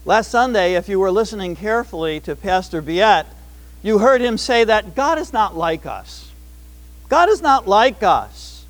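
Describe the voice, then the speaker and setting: A man preaching a sermon, shifting between emphatic declarations and quieter asides. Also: high-pitched, big pitch swings, a little slow. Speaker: pastor.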